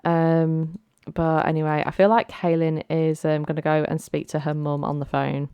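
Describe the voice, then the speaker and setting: A woman with a low, smooth, clear voice hosts a let's play from home. She tells the game's story in a chatty, dramatic way, recorded close and dry with no room echo. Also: little pitch movement, normal speed, muffled recording. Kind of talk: casual gameplay commentary.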